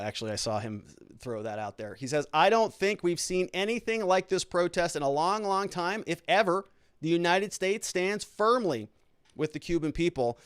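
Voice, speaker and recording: A man hosting a political commentary livestream, sarcastic and animated, reading news quotes aloud with mocking asides. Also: fairly high pitch, dry recording, studio quality. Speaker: host, criminal defense lawyer.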